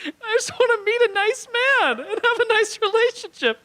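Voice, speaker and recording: A man voicing a weepy, lonely woman dominatrix in her forties during a stand-up set, in a high wailing falsetto. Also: animated, moderate pace, bright, forceful tone, full character voice. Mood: tearful. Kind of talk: stand-up comedy. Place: small comedy club stage.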